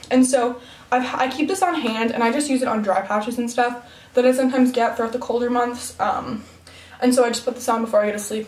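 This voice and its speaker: A teenage girl vlogging about her skincare in a casual, rambling way, full of "like" and "um". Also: a little high. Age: teens. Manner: chatty, rambling, fills with "like" and "um". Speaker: beauty vlogger. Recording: roomy, mic at a distance.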